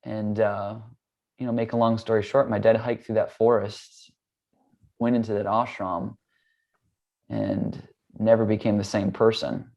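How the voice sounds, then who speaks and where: A man in his thirties from the United States speaks in a low voice with a gravelly edge. He tells a personal story in a relaxed, candid way, with easy fillers and the odd curse. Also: measured pace, long pauses, highs cut off. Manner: relaxed and candid, loose fillers, casual swearing. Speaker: yoga teacher and guest. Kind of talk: casual storytelling.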